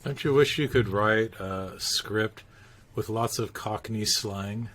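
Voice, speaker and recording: A man's voice: lowish voice, takes it slowly, a bit bright. A man hosting a podcast, asking curious interview questions.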